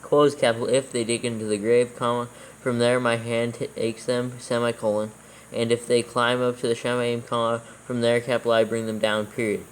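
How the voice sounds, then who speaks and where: Man, level monotone delivery, reads verses and punctuation aloud, faint room noise. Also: medium pitch, normal speed, low-quality recording. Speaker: proofreader reading scripture aloud. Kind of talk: casual proofreading session, dictating punctuation.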